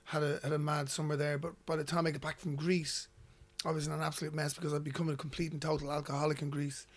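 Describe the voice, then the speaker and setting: Irish man, guest storyteller, slightly high and monotone, rambling delivery. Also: fast talker. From Ireland. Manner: rambling, repeats words when starting sentences. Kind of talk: casual storytelling.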